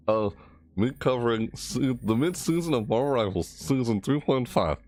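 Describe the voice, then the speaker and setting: A man's voice: sing-song, moderate pace, a little mellow, slight background noise. A man casually rambling through a game overview and reaction, mumbling and restarting phrases as he corrects himself. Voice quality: low mumbling delivery. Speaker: gaming video creator.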